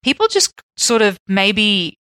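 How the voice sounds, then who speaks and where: A woman's voice: medium pitch, very animated, slow pace, sharp tone, no room sound. A woman co-hosting a casual podcast, joking and bantering with her co-host. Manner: jokey, banters and interjects. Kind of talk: casual chat.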